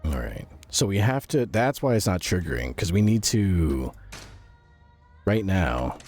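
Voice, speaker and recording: Over quiet game music, a man with a very low, strained, yell-roughened voice talks casually on stream, reacting aloud and responding to chat. He speaks a little slowly, and his pitch swings broadly between remarks.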